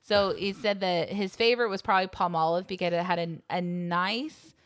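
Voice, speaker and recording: A young adult woman co-hosting a casual movie podcast, retelling scenes in an animated, rambling way. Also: fairly low pitch, moderate pace. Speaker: podcast co-host. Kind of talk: casual chat.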